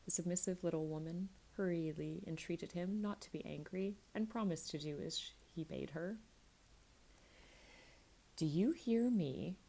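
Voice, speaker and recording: A woman reads a classic novel aloud as a soothing bedtime story. Her voice sits low with a gravelly fry, and the tone is dark and mellow. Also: fairly even intonation, poor audio. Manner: slow, soothing reading. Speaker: narrator. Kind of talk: calm bedtime story reading.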